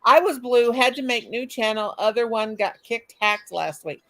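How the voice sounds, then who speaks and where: A woman's voice: a little high, expressive, moderate pace, fairly bright tone. An older woman hosting a casual live stream, chatting, greeting viewers by name, and humming and singing to herself between remarks.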